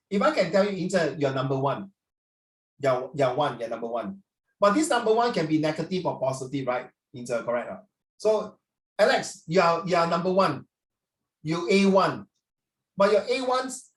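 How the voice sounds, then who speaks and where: A middle-aged man, teaching an online class in a playful, teasing way. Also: on the high side. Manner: playful, teasing, peppers questions with "ah". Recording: roomy sound, distant mic.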